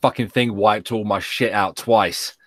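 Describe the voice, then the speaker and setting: Deep, gruff, swearing Englishman. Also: fairly even intonation, unhurried, fairly bright tone. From England. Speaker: stream guest. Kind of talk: casual chat among friends.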